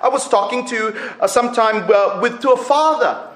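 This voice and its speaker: A man's voice: very high-pitched, moderate pace. A man preaching a sermon, acting out quotes with laughs. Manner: animated, acts out quotes with laughs. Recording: echoey room.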